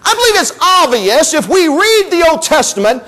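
A man's voice: extremely high pitch, big pitch swings, moderate pace, sharp tone, low-quality recording. A man preaching a sermon in a church service, emphatic and repetitive, building to exclamations.

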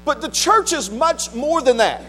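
A man's voice: very high-pitched, animated, fairly bright tone, rough recording. A male pastor reading scripture solemnly, then preaching with a few restarts. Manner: measured, solemn reading with restarts in plain talk. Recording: faint mains hum.

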